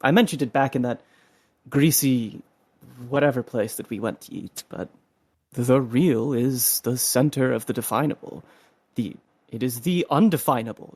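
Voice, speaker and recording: A man's voice: mid-range voice, moderate pace, darkish tone, slightly rough, no room sound. A man playing in a tabletop game, musing in a thoughtful, philosophical way. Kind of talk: in-character roleplay and table chat.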